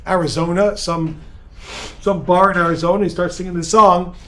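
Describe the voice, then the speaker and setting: A male rabbi giving an energetic, joking seminar talk and bantering with a live audience in a room. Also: high-pitched, moderate pace. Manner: energetic, joking, talks with the crowd.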